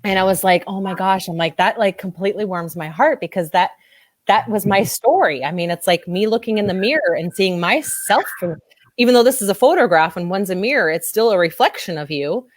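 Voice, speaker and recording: A woman's voice: mid-range voice, fairly quick, dry recording, clean studio sound. A woman body-image coach telling a client story in an interview, emotional and teary, gushing as she quotes herself. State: teary-eyed.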